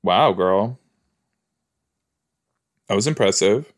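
A man's voice: lowish voice, lively intonation, slow. A man hosting a podcast, chatting casually and rambling with playful asides as he reacts to a TV episode he is watching. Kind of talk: casual watch-along commentary.

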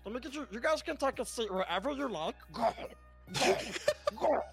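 A man putting on a creature voice, playing a fawning restaurant waiter in a strained, squeaky tone. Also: expressive, moderate pace, creaky, soft background music, heavily acted. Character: creepy hunched creature as an eager restaurant waiter.

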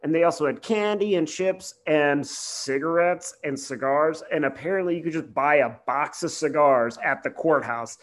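Man, podcast co-host, lawyer, animated, swears, rambling casual talk. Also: a little high, moderate pace, hardly any pauses. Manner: animated, swearing, long winding explanations.

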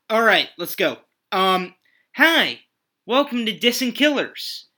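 A man hosting a comedy podcast with a bright, crisp tone at a middle pitch. He rambles loosely and fills gaps with "uh" and "um." He keeps things casual and offhand. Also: very animated, takes it slowly. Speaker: podcast host.

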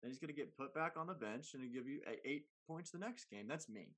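Brief: man, mid-pitched, animated slangy talker, casual podcast guest. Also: quick pace. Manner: animated, slangy, big swings in pitch and loudness. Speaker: comedy content creator guest.

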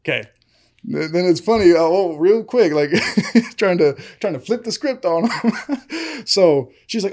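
A man's voice: fairly high pitch, expressive, measured pace, darkish tone. A young man telling a long story on a casual podcast chat, full of fillers, laughing often. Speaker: podcast co-host.

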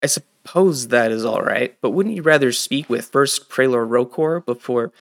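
A man's voice: medium pitch, moderate pace, gravelly, natural voice. A man plays an impatient, snobbish male temple official. He sounds haughty and short-tempered in this storybook. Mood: irritated.

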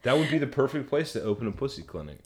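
Male co-host, casual and crude, animated storyteller, mid-pitched. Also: rapid-fire. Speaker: podcast co-host. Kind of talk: casual chat.

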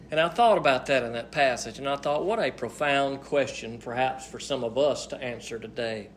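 A man preaching a sermon at a church service, emphatic, with repeated phrases and swings from loud to hushed. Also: mid-range voice, brisk, slight background noise.

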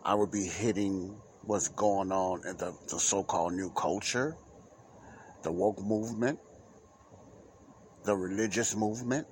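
Man, deep voice, Christian podcast host, rambling emphatic delivery. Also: steady tone, a little slow, pauses often, a little mellow, slight background noise. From United States. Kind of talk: Christian talk podcast monologue.

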